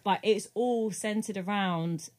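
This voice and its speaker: A woman's voice: mid-range voice, a little slow, a little mellow. A young woman from South West London with a London accent, co-hosting a casual podcast chat and telling stories with acted-out quotes. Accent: London English. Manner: chatty, tells anecdotes with acted-out quotes. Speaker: podcast co-host.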